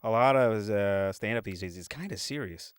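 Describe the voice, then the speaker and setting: A man's voice: lowish voice, moderate pace, clear, resonant tone, no echo, studio quality. A man who is a comedian guest on a podcast, telling stories in a rambling way with lots of false starts. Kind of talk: casual podcast chat.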